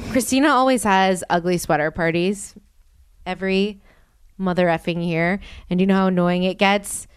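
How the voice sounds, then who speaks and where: A young woman hosting a podcast in casual chat, talking fast with lots of "like" fillers. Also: medium pitch, smooth, no room sound, clean studio sound. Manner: chatty, filler-heavy with lots of "like". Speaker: podcast host.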